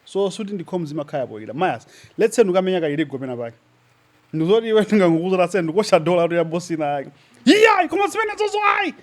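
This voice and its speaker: A man co-hosting a podcast in relaxed, laid-back chat, mixing in Chichewa and laughing often. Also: on the high side, racing. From Malawi. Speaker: podcast co-host.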